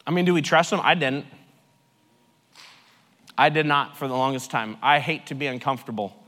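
A man preaching a sermon with personal testimony at a recovery ministry, swinging between loud joking and hushed, earnest delivery. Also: mid-range voice, fairly even intonation, moderate pace, in a large hall.

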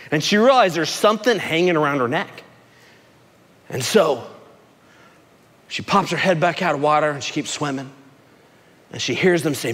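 A man preaching a sermon to a recovery group, telling a story with lively swings from shouting to soft, low speech. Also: moderate pace, in a large hall. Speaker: pastor at a recovery ministry. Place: large room with a gathered group.

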